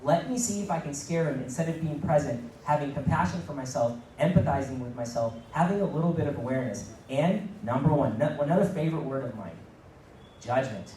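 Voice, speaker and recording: A man's voice: medium pitch, brisk, mellow, slight background noise. A middle-aged man giving a motivational keynote talk, repeating phrases for emphasis and acting out quoted dialogue. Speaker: keynote speaker. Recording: echoey room, mic at a distance.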